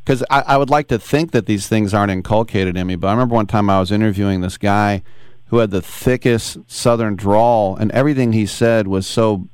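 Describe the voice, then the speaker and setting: A man hosting a sports radio show from the studio, quick and chatty, asking rambling questions. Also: on the low side, a little mellow, smooth, dry recording. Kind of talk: radio interview.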